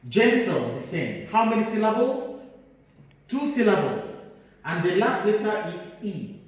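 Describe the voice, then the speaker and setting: A high-pitched man teaches grammar at an unhurried pace. He repeats each word and answers his own questions. His voice rings through a big echoey room, picked up from far off. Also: sing-song. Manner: slow, repetitive, asks and answers own questions. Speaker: English teacher. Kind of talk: classroom grammar lesson. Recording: echoey hall, mic far off.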